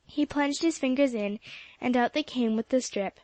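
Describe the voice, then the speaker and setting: A woman narrating a children's story in a steady audiobook reading. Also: high-pitched, normal speed, no room sound. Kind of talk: scripted narration.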